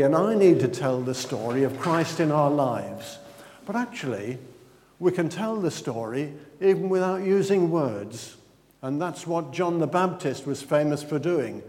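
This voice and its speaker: A man's voice: fairly high pitch, darkish tone. A man preaching a sermon in a conversational way, often putting questions to his congregation. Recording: long reverb of a large hall.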